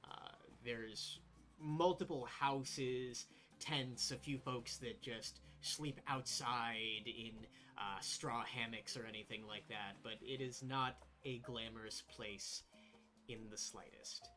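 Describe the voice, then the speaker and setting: Serving as game master for a tabletop role-playing game, a man narrates in a relaxed, descriptive way, using lots of fillers. His voice is medium in pitch and his pace is slow.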